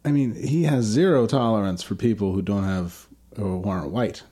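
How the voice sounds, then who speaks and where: A man's voice: fairly low pitch, normal speed, warm tone. A man co-hosting a podcast, riffing through absurd comedic bits in casual chat, with frequent ums. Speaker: podcast co-host.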